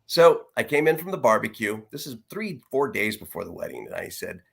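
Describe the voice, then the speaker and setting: A middle-aged man, an interview guest, telling a personal story in an earnest, reflective way with halting restarts. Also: fairly low pitch, sing-song, creaky, a bit bright, breathy edge.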